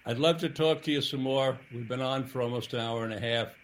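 Earnest halting male radio host. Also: medium pitch, slight background noise, low-quality recording. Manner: earnest, halting with repeated words. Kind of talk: radio interview and sign-off.

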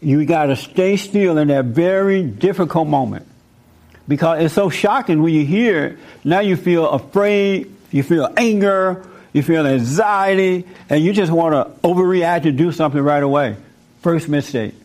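Male preacher, slightly high voice, casual teaching tone, acts out scenes in voices. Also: normal speed. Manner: casual, acts out biblical figures in lively voices. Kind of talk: informal sermon.

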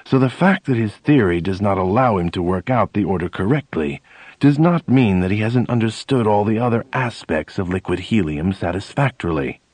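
Gruff, dour older professor of few words, read by a male narrator, slow, low and grave, audiobook. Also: expressive, darkish tone, no echo. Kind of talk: audiobook reading.

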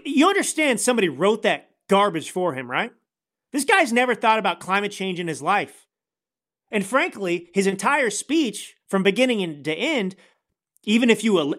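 A man's voice: high-pitched, a bit bright. A man hosting a podcast, delivering angry, sarcastic political commentary in a ranting manner. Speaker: podcast host.

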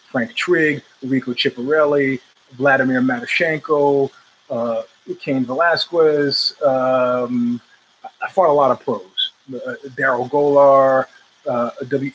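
A man's voice: medium pitch, fairly bright tone, slight background noise, rough recording. A middle-aged man hosting his own show, telling a long story in a casual, rambling way with restarts and asides. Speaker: show host.

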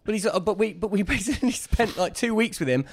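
A man, a guest in a casual interview, telling a story with lively quoted voices. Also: sits high, fast.

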